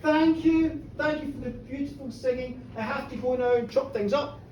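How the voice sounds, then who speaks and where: A woman voicing a gentle, dreamy young male warrior poet who speaks softly. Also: high-pitched, normal speed, lo-fi sound, natural voice. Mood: grateful. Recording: roomy bar, distant mic, faint noise.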